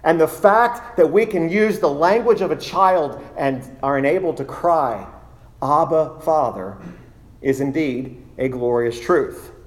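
A man teaching a sermon-style Bible study, emphatic, stressing and repeating key words slowly. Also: a little high, animated.

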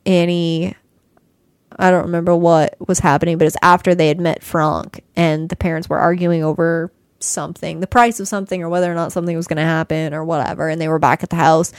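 A woman co-hosting a casual chat, animated and sarcastic, swearing freely. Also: on the low side, clean tone, no room sound, clean studio sound. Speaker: podcast co-host.

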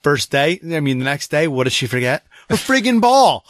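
A man's voice: fairly high pitch, very animated, normal speed, dry recording, studio quality. A middle-aged man chatting casually as a co-host, retelling parenting frustrations with exasperation. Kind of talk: casual chat.

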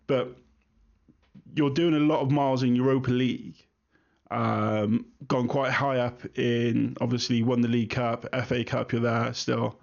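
Brief: man, gravelly voice, halting questioning chat, muffled lo-fi recording. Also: mid-range voice, level tone. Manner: hesitant, lots of ums and restarts, asks questions. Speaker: podcast co-host, football fan. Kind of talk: casual chat. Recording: muffled lo-fi sound.

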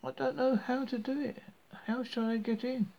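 A man's voice: very high-pitched, little pitch movement, moderate pace, vocal fry, a little mellow, pitched above the performer's own voice. A man voicing a frightened young girl in a raised, pleading voice, on a dull lo-fi recording. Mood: feigning.

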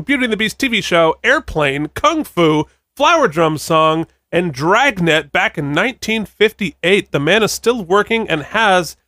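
A man's voice: high-pitched, sharp tone, no room sound, studio quality. Rambling male podcast co-host. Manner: rambling, self-correcting. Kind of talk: casual chat.

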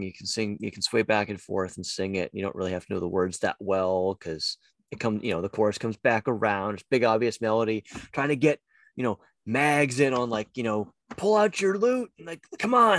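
A man playing in a tabletop game, chatting in an animated, rambling way. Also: fairly low pitch, moderate pace, no echo. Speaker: player. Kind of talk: casual tabletop chat.

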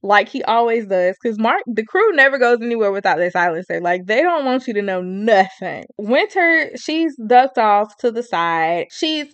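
A woman's voice: a little high, expressive, moderate pace, hardly any pauses, no echo. A woman casually recapping a TV show, chatty, retelling scenes with quoted dialogue.

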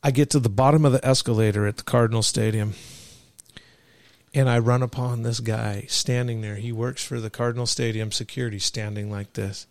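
A man's voice: medium pitch, fairly even intonation, brisk, no room sound. A man hosting a podcast, talking in loose, profane, joking banter with his friends. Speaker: podcast host. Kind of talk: casual crude banter.

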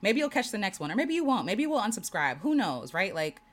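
A woman's voice: mid-range voice, very animated, quick pace. A woman hosting a casual livestream, reading viewers' comments aloud and answering them with affirmations and laughter. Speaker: host reading live chat.

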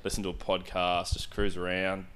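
A man's voice: low-pitched, completely flat delivery, normal speed, fairly bright tone, smooth. A man, a podcast guest telling stories in casual chat and laughing often. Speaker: podcast guest, former mine truck driver.

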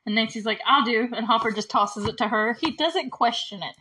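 A woman's voice: fairly high pitch, sharp tone, husky, rough recording. Giggly chatty woman podcaster. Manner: giggly, chatty, retells scenes with quick quotes. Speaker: podcast host. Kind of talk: casual recap chat.

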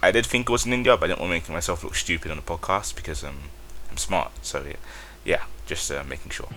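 A man in a quiet, hesitant, dry voice-over aside added to a podcast. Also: low voice, expressive, fast, slight background noise. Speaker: podcast editor.

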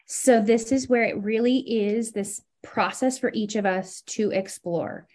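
A woman talking as a podcast guest in casual chat, animated and expressive, her pitch swinging up when she recounts feelings. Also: measured pace.

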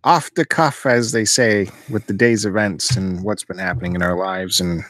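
Male podcast host, lowish voice, dry ribbing banter, casual. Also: fairly even intonation, normal speed, fairly bright tone, dry recording.

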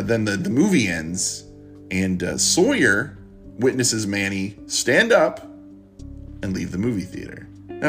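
A man hosting a podcast, recapping and recommending a book in a halting, rambling way with many restarts. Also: on the low side, fairly bright tone. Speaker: podcast host.

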